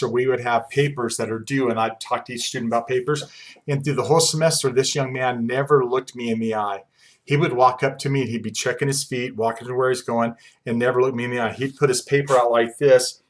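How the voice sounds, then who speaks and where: A man in his forties, a college instructor, giving a fast, conversational lecture full of personal stories. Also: mid-range voice. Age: 40s. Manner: fast-talking, conversational, uses personal anecdotes. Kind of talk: classroom lecture.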